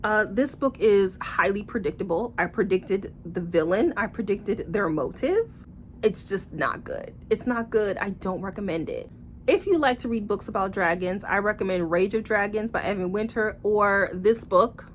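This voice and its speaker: A woman's voice: mid-range voice, moderate pace, slight background noise. A woman reviewing books in a casual vlog, blunt, profane and sarcastic, acting out the characters she quotes. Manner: animated, acts out quoted characters. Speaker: book reviewer.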